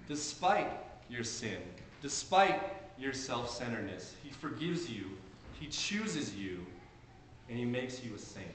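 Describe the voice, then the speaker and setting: A man delivers an earnest, conversational sermon in a bright, somewhat tense voice. The sound is very reverberant and camcorder-recorded, with faint ambience behind him. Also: mid-range voice, a little hiss or hum. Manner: earnest, conversational preaching with homely stories. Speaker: pastor. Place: church sanctuary during a service. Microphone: handheld camcorder in the congregation. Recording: very echoey church, camcorder audio.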